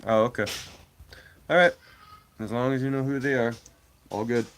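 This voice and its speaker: A man's voice: steady tone, moderate pace. Blunt, casual man streaming live. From Canada. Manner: swears bluntly, coos at his cat in a high voice.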